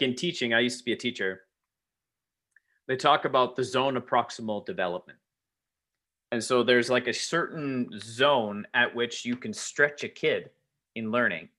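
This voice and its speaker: A man talks in a bright, forward voice at a middle pitch. He rambles through his thoughts in an easygoing chat and leans heavily on filler words. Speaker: podcast co-host, former teacher. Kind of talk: casual conversation.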